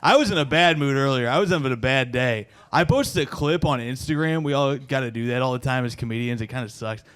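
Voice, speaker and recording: A man in his thirties from Indiana doing a stand-up set, chatty and animated, calling people "dude". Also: mid-range voice, fast talker, clean tone. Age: 30s. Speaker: stand-up comedian. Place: comedy club stage. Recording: audience noise in a club. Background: audience laughter.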